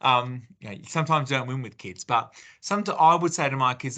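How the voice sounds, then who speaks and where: A man's voice: mid-range voice, a little fast, hardly any pauses, sharp tone. A man with an Australian accent giving a conversational parenting talk in a webinar, acting out parent-child exchanges with many fillers and restarts. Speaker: parenting speaker.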